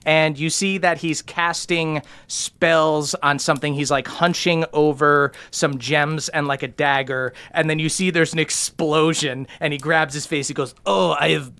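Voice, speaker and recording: A man's voice: fairly high pitch, steady tone, a little slow, few pauses, sharp tone, clear, resonant tone. A man narrating a tabletop game as game master, loose and full of fillers.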